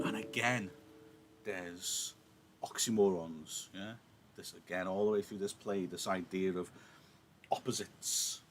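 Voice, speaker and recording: A man's voice: sits low, slight background noise. Chatty male teacher explaining a play. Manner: chatty explaining with self-mocking jokes. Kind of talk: live lesson, reading a play with analysis.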